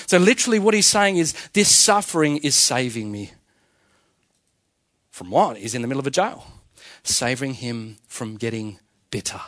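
Man, pastor, sermon, fairly high voice, emphatic, rhetorical questions, dry close sound. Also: a bit bright, no echo. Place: church.

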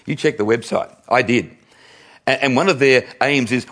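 A man's voice: medium pitch, moderate pace, a bit bright. An older man preaching a sermon to his congregation, chatty and self-mocking, often laughing with the crowd. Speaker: pastor.

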